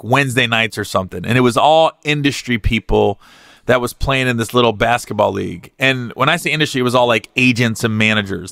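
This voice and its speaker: A male comedian hosting his podcast, telling stories in an animated, profane way and laughing at his own jokes. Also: mid-range voice, clean tone, dry recording, studio quality. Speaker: podcast host.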